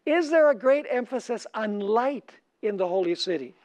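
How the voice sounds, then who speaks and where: High-voiced man preaching a sermon. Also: expressive, darkish tone. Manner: asks the audience questions and pauses for them to finish his sentences; slows down and lifts his voice when reading scripture. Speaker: pastor. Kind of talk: sermon lecture. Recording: dull lo-fi recording.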